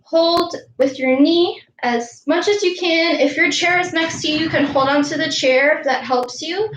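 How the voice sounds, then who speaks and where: A woman coaching young girls through an online warm-up and lesson, counting aloud in an upbeat way and calling herself by name in the third person. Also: very high-pitched, normal speed. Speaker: youth sports coach. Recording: echoey room.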